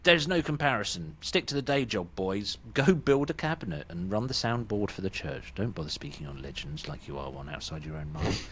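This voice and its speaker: A man's voice: fairly low pitch, animated, brisk, few pauses, fairly bright tone, slight background noise. A man putting on an angry ranting commenter. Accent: British. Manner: mock-indignant comic reading.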